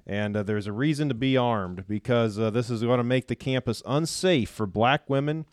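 A man with a smooth, resonant voice talks casually on a podcast, reading from an article and adding scornful asides. The sound is dry and close. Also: medium pitch, normal speed, no room sound. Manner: reads news aloud with mocking asides. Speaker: podcast host.

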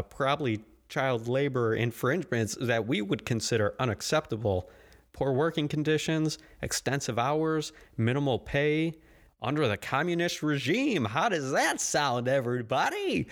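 Male solo podcast host, sarcastic and crude, rambling and caffeinated. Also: mid-range voice. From United States.

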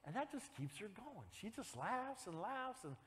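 A man's voice: extremely high pitch, sing-song, normal speed. Folksy preacher man in a reverberant church. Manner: folksy, call-and-response "amen?" asides, builds to shouting peaks. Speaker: pastor. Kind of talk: sermon. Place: church sanctuary.

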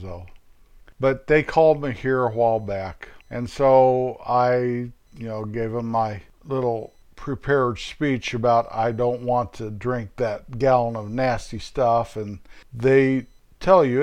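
A man's voice: medium pitch, unhurried, a little mellow. An older man telling a rambling, joking monologue in a folksy way. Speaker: vlogger.

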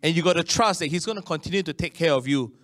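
A middle-aged man with a Singaporean English accent, preaching a conversational sermon with frequent Amens and slow, emphatic phrases. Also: a little high, a bit bright.

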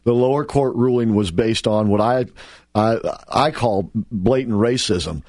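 Man, radio host, assertive commentary, mid pitch, dry studio voice. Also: a little slow, darkish tone, no room sound. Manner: assertive commentary, takes calls. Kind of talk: talk radio conversation.

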